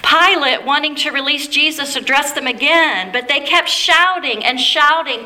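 A woman reads scripture aloud in a measured, reverent way, as a liturgical lesson. Her voice sits a little high and rings bright and clear. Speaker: scripture reader. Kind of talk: liturgical Bible reading.

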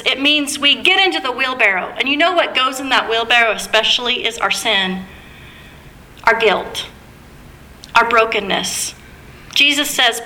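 A woman preaching in a conversational sermon, asking her listeners questions as she goes. Her voice is high and bright. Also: low-quality recording. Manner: conversational, asks the congregation questions.

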